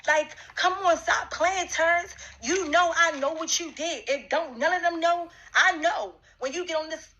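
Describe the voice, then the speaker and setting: A woman speaks to camera in a confrontational rant, aiming accusation after accusation at a man. Her voice sits high for a woman and sounds bright and sharp. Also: normal speed, highs cut off. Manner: repetitive, accusing, talks straight at one man. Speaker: vlogger addressing a rival.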